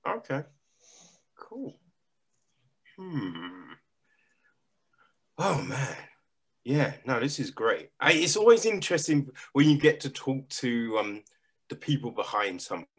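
A man hosting a film talk and interview, rambling and animated, with lots of restarts, recorded over a video call. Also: medium pitch, slow, long pauses, slightly rough. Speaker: podcast host and interviewer. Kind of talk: casual chat. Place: London.

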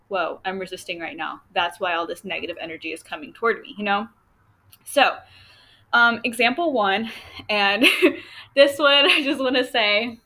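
A woman's voice: medium pitch, bright, forceful tone. A young woman hosting a solo podcast, talking in a chatty, rambling way with lots of fillers and light laughter. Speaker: podcast host. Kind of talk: casual solo podcast talk.

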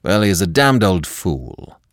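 A man voicing a smooth, secretive husband in an audiobook reading, speaking gravely and low. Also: sing-song, unhurried, no echo, studio quality. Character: husband, smooth-talking, secretive, quick to anger.

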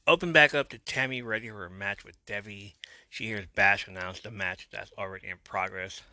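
A man's voice: fairly low pitch, brisk, pushed and bright, no echo. A man hosting a podcast, casually retelling a TV episode scene by scene and reading out the characters' lines. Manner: retells scenes and reads quotes with a few asides. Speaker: podcast host recapping a TV episode.

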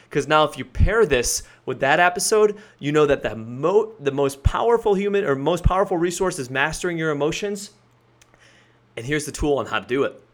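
A man hosting a motivational podcast, coaching listeners in an emphatic way, laying out numbered points and slowing down to stress key words. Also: fairly high pitch, fairly bright tone. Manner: emphatic, coaching, lists points and repeats them. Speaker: podcast host.

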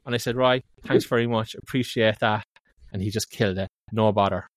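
A man with a Cork Irish accent tells an animated story on a podcast. He keeps slipping in filler as he goes. The sound is dry and close. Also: on the low side, brisk, no echo. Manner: animated anecdote with lots of filler "like, you know". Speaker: podcast co-host. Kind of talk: casual storytelling chat.

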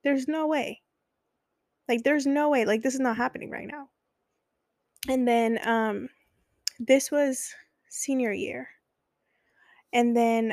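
A young woman tells her own story in a candid, chatty way, with plenty of filler words. Her voice sits a little high. The sound is dry and close, with no room echo. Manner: candid, conversational, many fillers. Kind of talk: personal storytelling.

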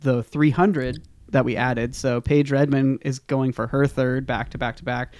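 A man hosting a casual podcast interview, easygoing and a bit halting, quick to laugh. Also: mid-range voice, steady tone, darkish tone. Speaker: podcast host.

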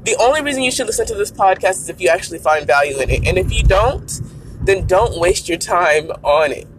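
A woman chatting through her podcast from behind the wheel, voice still raspy from just waking up. She talks straight to her listeners, easygoing and familiar, with a faint hum of the car and road underneath. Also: lowish voice, expressive, a little fast. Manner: chatty, addresses listeners directly as y'all. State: raspy early-morning voice. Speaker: podcast host. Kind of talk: casual solo podcast talk. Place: in her car while driving. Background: faint road and blinker noise.

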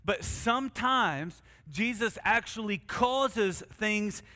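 A male pastor delivers a sermon in a high, bright voice. He speaks earnestly and with emphasis, slowing right down on the words he wants to land. His voice rings out with a long reverb, as if filling a big hall. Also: animated. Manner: earnest, emphatic, slows down to stress key words.

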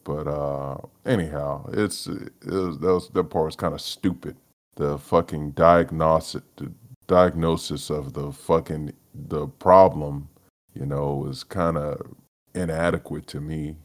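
Podcast host, male, extremely low voice, low-energy profane solo rambler. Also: steady tone, a little slow. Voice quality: profane, rambling, laughs often. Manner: low-energy, mumbling, trailing off. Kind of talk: solo casual rant.

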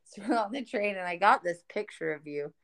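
A woman's voice: mid-range voice, a little fast. A woman telling a travel story to her mother in casual chat, quoting others and laughing often. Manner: animated, quotes others in acted voices, laughs often. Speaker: co-host, daughter.

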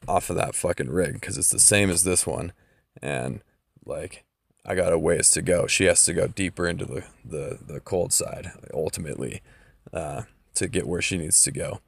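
A man's voice: deep voice, moderate pace, gravelly, husky, no room sound, studio quality. A man casually recapping a story, loose and profane, with lots of fillers.

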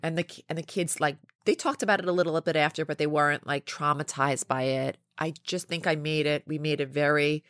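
Brief: woman in her 40s, low voice, lively storyteller, close dry mic. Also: no room sound. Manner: lively storytelling with laughs and quick restarts. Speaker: podcast guest, company founder. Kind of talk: casual interview chat.

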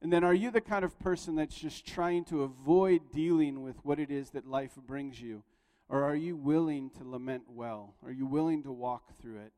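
A man's voice: medium pitch, moderate pace, hardly any pauses, warm tone. Man preaching a sermon in a reverberant hall. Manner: conversational storytelling with rising emphasis. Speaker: pastor. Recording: long reverb of a large hall.

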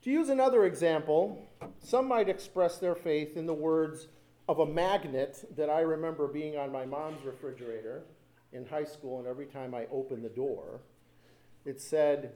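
A man's voice: on the high side, moderate pace, dark tone. A man preaching a sermon as pastor, telling stories with animation and repeating lines for emphasis.

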